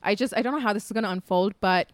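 A woman's voice: mid-range voice, very fast, dry recording. A woman in her twenties chatting casually, full of fillers and the odd swear. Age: 20s. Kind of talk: casual chat.

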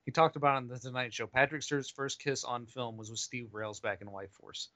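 A man's voice: medium pitch, steady tone, a little fast, fairly bright tone, dry recording. A man co-hosting a movie podcast, chatting loosely with profane, laughing asides. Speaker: podcast co-host. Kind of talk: casual movie podcast chat.

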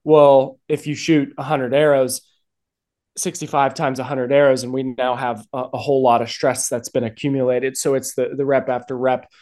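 Guy on a podcast explaining stuff step by step, earnest, repeats words a lot, medium pitch. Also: little pitch movement, normal speed, darkish tone. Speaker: guest archery strength coach. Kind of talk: podcast conversation.

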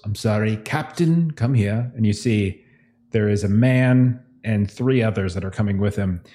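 Guy running a tabletop game, low mellow voice, laid back, laughs a lot. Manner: relaxed, chuckling, improvising. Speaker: game master.

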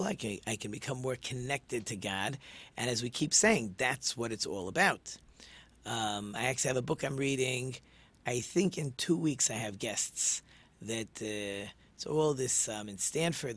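A man's voice: mid-range voice, a bit bright. A man, a rabbi who hosts a short talk show, teaching in an earnest, casual way and often restarting his words. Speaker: rabbi and podcast host.

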